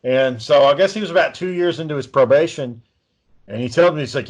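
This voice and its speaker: A man's voice: fairly high pitch, brisk. A man telling a long story in a casual, profane, rambling way as a podcast co-host. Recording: dull lo-fi recording.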